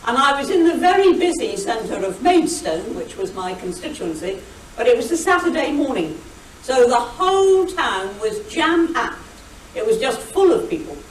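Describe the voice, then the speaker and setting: An older woman, the guest speaker at a meeting hall, gives a witty after-dinner talk full of anecdotes, brisk in delivery and mimicking shouted quotes. Her slightly high, sing-song voice was picked up from a distance over a video call, with slight background noise.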